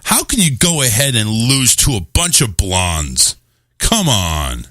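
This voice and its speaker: A man's voice: medium pitch, big pitch swings, slow, bright, forceful tone, no room sound, studio quality. A man hosting a radio show, chatting casually and joking around, sometimes slipping into silly voices.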